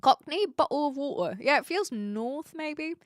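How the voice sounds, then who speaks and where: Young kiwi woman streaming, chatty and animated, high bright voice, dry close sound. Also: measured pace, no room sound. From New Zealand. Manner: chatty, animated, frequent fillers and restarts. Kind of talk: casual live-stream chat reading viewer messages.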